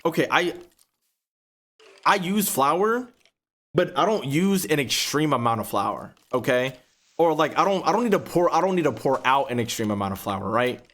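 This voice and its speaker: Profane animated young man gaming. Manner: profane, animated storytelling, rising pitch when retelling outrage. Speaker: gaming YouTuber. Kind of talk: casual storytelling over gameplay.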